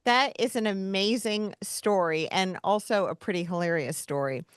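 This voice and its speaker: A woman hosting a podcast, asking questions in a lively, chatty interview style. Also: mid-range voice, normal speed, smooth. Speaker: podcast host. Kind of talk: casual interview chat.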